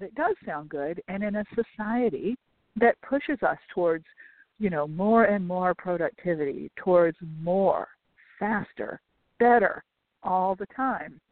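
A woman's voice: on the low side, dry recording. A woman hosting her own podcast, talking in a chatty, tongue-in-cheek way and stacking repeated words for emphasis. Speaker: podcast host and business coach. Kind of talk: solo podcast monologue. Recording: tinny phone-like sound, dry.

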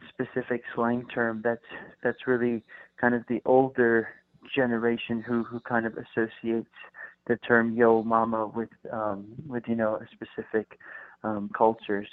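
A man speaking as a radio guest over a tinny phone line, his voice dry and narrow. His tone stays flat and level, and he talks hesitantly, restarting often and filling pauses with fillers. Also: medium pitch, no room sound. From United States. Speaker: guest, food company founder. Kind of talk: casual radio interview.

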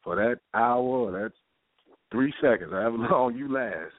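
A man chats as a guest playwright, slipping in and out of the voices of the people in his stories. His pitch sits in the middle for a man. The sound is dry and narrow, like a phone call. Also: a little slow, dry recording. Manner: animated storyteller, acting out quoted characters. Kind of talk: casual talk show chat. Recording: tinny phone-line audio.

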